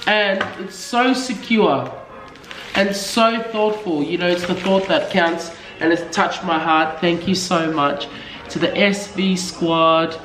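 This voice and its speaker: A woman's voice: on the low side, takes it slowly, a bit bright. A woman chatting casually, emotional and laughing often as she thanks her family. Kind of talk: casual chat. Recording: echoey room with music behind.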